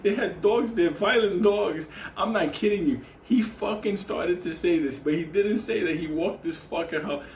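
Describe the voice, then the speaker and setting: A man's voice: high-pitched, normal speed, few pauses. Male storyteller, foul-mouthed and giggly, roomy echo with faint background hum. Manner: swearing constantly, laughing through the story. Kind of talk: casual profane anecdote. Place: indoor room on camera.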